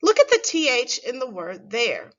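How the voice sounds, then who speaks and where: A woman teaching a first grade phonics lesson, speaking slowly and clearly and stretching words for young children. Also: on the high side, wildly swooping pitch, dull audio.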